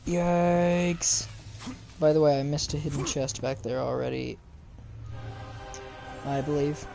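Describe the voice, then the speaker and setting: Young male gaming youtuber, slow, slightly high delivery, jokey asides, faint music underneath. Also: vocal fry, dark tone. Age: young adult. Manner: chatty, joking asides to viewers. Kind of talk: casual let's-play commentary.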